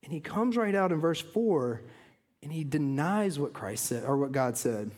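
A man preaching a sermon as pastor, earnest, often dropping to a hush at the ends of phrases. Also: fairly high pitch, expressive, moderate pace.

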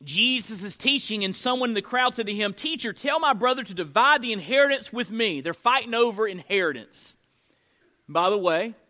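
A male pastor in middle age delivering a sermon with a high, forceful, bright voice. He preaches emphatically, building to loud declarations, then dropping to quiet, low-pitched lines. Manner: emphatic preaching, swinging between loud and soft.

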